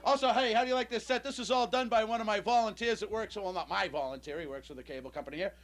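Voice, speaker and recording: A man's voice: high voice, racing. A man hosting a local comedy show, hyping the crowd and introducing acts between sets. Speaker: show host. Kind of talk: emcee patter between acts. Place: small comedy club or cable access studio. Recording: music behind, local cable taping.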